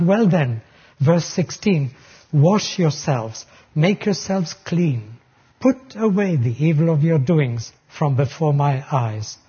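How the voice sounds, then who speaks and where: Slow, husky-voiced male preacher. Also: a little high, dark tone, lo-fi sound. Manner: slow, deliberate preaching with emphatic scripture quotes. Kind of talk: sermon.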